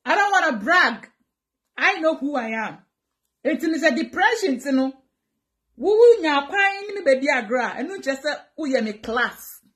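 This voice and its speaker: High-voiced Ghanaian woman, dramatic. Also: moderate pace. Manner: animated, dramatic, code-switching between Twi and English. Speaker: livestreamer answering viewer comments. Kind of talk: live-stream chat.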